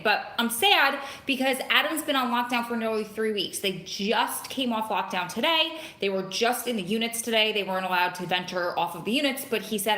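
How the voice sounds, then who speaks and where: A chatty woman talks into her phone on a live stream and rambles from one thing to the next. Her voice is bright and forward. The room around her is echoey. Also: medium pitch. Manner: greets viewers by name, chatty and rambling. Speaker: vlogger hosting a live stream. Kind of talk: casual live-stream chat. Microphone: phone camera.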